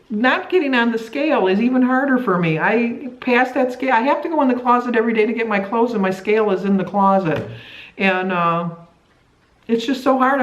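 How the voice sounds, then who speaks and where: A middle-aged woman from the United States chatting to camera in a weight-loss vlog, rambling and halting, with many restarts. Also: mid-range voice. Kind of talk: casual chat to camera. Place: a room at home. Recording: echoey room.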